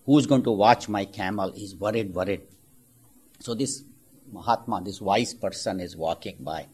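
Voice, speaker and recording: A male spiritual teacher tells a parable in a husky, conversational voice. His delivery is animated, with frequent asides to listeners. It sounds like a sermon. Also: on the low side, normal speed. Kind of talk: storytelling sermon.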